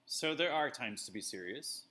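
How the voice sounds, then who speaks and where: A man's voice: medium pitch, animated, moderate pace, sharp tone. A man co-hosting a casual talk show, rambling and self-deprecating with lots of fillers. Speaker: podcast co-host. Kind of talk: casual chat.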